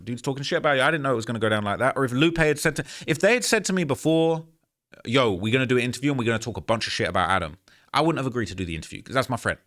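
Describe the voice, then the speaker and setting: Racing along in an expressive, slightly bright mid-range voice, a YouTuber recounts a story to camera. The rambling, candid monologue is earnest and frustrated, with "man" and "bro" coming up often.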